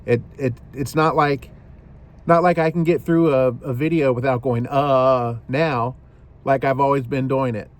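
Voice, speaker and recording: A man's voice: mid-range voice, fairly even intonation, moderate pace. A man hosting a shaving video, talking casually to the camera in a rambling way, often repeating himself and saying "you know".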